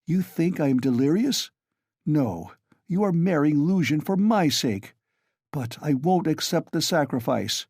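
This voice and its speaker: A man's voice: on the high side, expressive, measured pace, a little mellow, breathy edge, no echo, clean studio sound, pitched above the performer's own voice, full character voice. A man voicing a feverish, irritable young man who snaps and insists. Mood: insistent. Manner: snapping, insistent.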